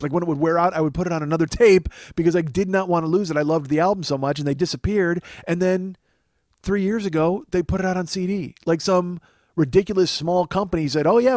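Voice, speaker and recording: High-pitched but darkish in tone, this voice belongs to a man in his 40s hosting a casual comedy podcast. He rambles, pokes fun at himself and swears freely, with no room sound.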